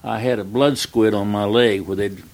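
An older man, a retired stuntman, telling a long anecdote in an interview, acting out the dialogue in plain, relaxed speech. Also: on the low side, moderate pace. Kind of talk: storytelling in an interview.

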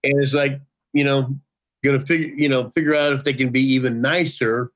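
An older man in his sixties tells a story as a podcast guest, swearing freely and doubling back on his words. His pitch sits in a middle range. The audio is dull and lo-fi. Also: fairly quick. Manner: profane, animated, repeats himself. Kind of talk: casual storytelling.

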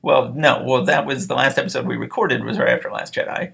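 A man's voice: medium pitch, steady tone, fairly quick, creaky, a bit bright, slightly rough. An American man co-hosting a writing podcast, talking in a casual, self-deprecating way with frequent laughs. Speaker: podcast co-host, author.

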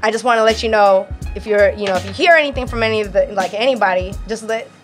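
A woman's voice: mid-range voice, fast talker, soft background music. A woman in casual chat, telling a story with lots of laughter and cursing. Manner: animated storytelling, frequent laughter, profanity.

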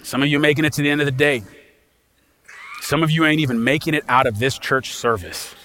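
Impassioned preacher man, higher voice. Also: brisk. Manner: impassioned, swings from loud to hushed; folksy, casual phrasing. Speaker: pastor. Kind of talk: sermon.

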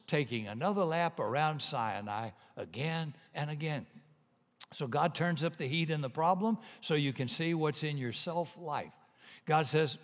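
A man's voice: on the high side, a little slow. A man preaching a sermon in a folksy, punchy way, telling jokes and little stories. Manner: folksy, punchy, animated storytelling. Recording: long hall reverb.

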